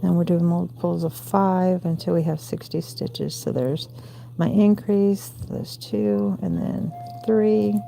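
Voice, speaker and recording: Woman, 40s, southern us accent, gravelly, mellow dark tone, chatty crochet tutorial, counting stitches. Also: on the low side, slow, soft background music. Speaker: crochet livestream host. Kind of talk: casual crochet tutorial chat.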